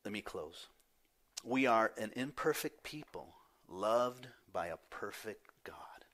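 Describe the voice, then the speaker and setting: A man preaching a sermon as pastor, moving between loud emphatic declarations and hushed, near-whispered lines, with confessional asides. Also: on the low side, animated, slow pace. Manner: confessional, self-deprecating asides.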